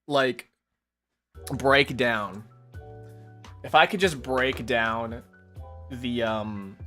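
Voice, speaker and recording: A man hosting a casual live stream, animated and exasperated, who swears often and keeps laughing mid-sentence. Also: medium pitch, drawn-out words, soft background music. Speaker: streamer host.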